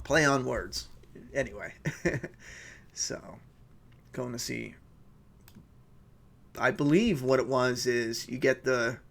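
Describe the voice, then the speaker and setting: A man's voice: mid-range voice, creaky, a bit bright. A man hosting a live weekly review stream, chatting casually and reading viewer comments aloud in a rambling, self-correcting way. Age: adult father of a school-age child.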